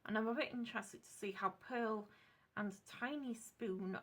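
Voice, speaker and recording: Mujer británica charlando sobre pinturas. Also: female voice, a little high, fairly even intonation, normal speed, slightly rough. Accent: British English. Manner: chatty, rambling, self-correcting, soft asides. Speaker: craft channel host testing paints. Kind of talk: casual craft demonstration chat. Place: home craft desk lit by a clip-on lamp.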